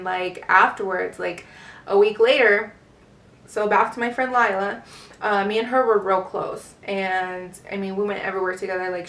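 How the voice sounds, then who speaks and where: A woman's voice: medium pitch, fairly bright tone, far from the mic. Brief: woman in her 20s, casual storytime vlogger, rambling with fillers, roomy echo, mic set back. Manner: rambling, lots of fillers and swearing.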